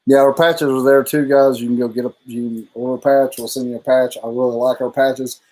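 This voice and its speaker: Brief: man, mellow dark voice, relaxed rambling livestream co-host who swears casually. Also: medium pitch, brisk, low-quality recording. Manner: laid-back, rambling, curses casually. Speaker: co-host of a motorcycle channel livestream.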